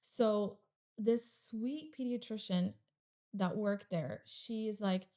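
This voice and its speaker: A woman's voice: medium pitch, takes it slowly, dark tone. A young woman telling an emotional personal story as a podcast guest, rambling and full of "like". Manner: rambling, heavy use of "like".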